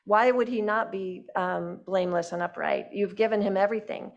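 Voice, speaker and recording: A woman's voice: medium pitch, fairly even intonation, normal speed, gravelly, highs cut off, natural voice. A woman voicing a sly, scoffing male adversary in a retold story, in a casual offhand way.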